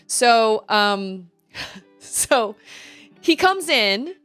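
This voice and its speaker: A woman livestreamer telling a story in a rambling, animated way, laughing often. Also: a little high, very slow, long pauses, smooth, faint music behind.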